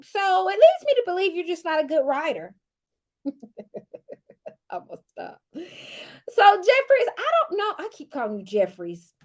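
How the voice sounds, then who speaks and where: A woman's voice: very high-pitched, wildly swooping pitch, unhurried, long pauses. A woman vlogger giving sassy, chatty commentary with teasing asides. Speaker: show recap vlogger.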